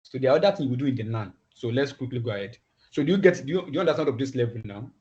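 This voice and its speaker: A man's voice: mid-range voice, lively intonation, darkish tone. Man teaching a coding class online. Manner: halting, repeats words, thinks aloud. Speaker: instructor. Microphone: video call. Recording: dull lo-fi video call audio.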